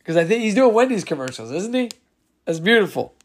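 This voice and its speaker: A man hosting a laid-back solo sports podcast, his voice sitting a little high for a man. He chats loosely as he reads out listener replies, chuckling along with them. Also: sing-song, a little fast. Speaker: podcast host. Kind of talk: casual solo podcast chat.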